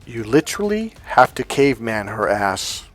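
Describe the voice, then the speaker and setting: A man in the middle of his range delivers a swearing, emphatic rant as a dating coach. His pitch is ordinary for a man, neither high nor low, and he pushes each point hard. Soft music plays faintly behind him. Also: very animated, normal speed. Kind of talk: monologue to camera.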